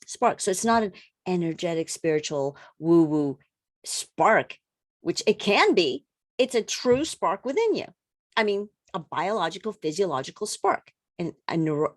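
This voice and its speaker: Animated woman coach, dry close sound. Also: lowish voice, dry recording. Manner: animated, repeats words, playful interjections. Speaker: holistic coach. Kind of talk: casual motivational talk.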